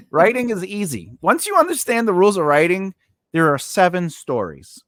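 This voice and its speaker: A man's voice: sits high, very animated, moderate pace, fairly bright tone, dry recording, clean studio sound. A man hosting a casual chat over a video call, telling rambling stories full of fillers and restarts. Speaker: podcast host.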